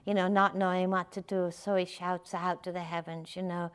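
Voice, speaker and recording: A woman's voice: on the low side, little pitch movement, normal speed, clean tone. Playful, conversational woman meditation teacher. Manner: conversational, many fillers, playful with laughs. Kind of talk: dharma talk.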